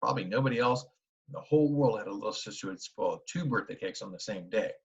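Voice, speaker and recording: A man narrating a children's book in a steady storytelling manner. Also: lowish voice, fast talker. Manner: steady storytelling with small restarts. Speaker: audiobook narrator. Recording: dull lo-fi recording.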